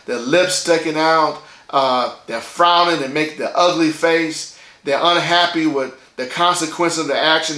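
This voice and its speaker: A man's voice: a little high, a bit bright, roomy sound. A man delivering a sermon as pastor, in a conversational style, checking in with his listeners by asking "okay?" again and again.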